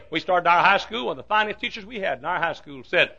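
A man preaching a fiery sermon, swinging from shouts to hushed asides. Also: high-pitched, lively intonation, a little fast, creaky. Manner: fiery preaching with sudden shouts and drops to quiet. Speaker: pastor.

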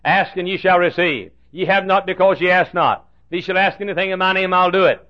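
Animated folksy preacher man, lo-fi. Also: sits high, fairly quick. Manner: folksy, animated preaching with sudden loud rises and hushed asides. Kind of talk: sermon. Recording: dull lo-fi recording.

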